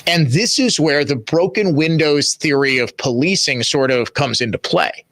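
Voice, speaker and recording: A middle-aged man hosts talk radio, pressing each point with emphatic repetition. His voice sits a little high and rings bright and forceful. The studio sound is close and dry. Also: normal speed, no echo. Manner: emphatic, repeats phrases for stress. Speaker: radio talk show host. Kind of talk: opinionated talk radio monologue.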